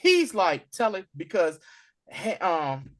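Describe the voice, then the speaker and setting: A man's voice: high-pitched, huge pitch swings, slow. A man co-hosting a casual recap chat, retelling scenes with acted-out lines and laughter. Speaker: podcast co-host.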